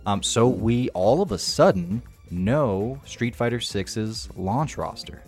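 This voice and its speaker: A man with a very deep voice talks through game news in a loose, rambling way, circling back to fix what he said. He sounds a bit worn out from little sleep, with faint music underneath. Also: lively intonation, slow pace, darkish tone. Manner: rambling, self-correcting, tired. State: sleep-deprived. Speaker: podcast co-host. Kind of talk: casual chat about video games.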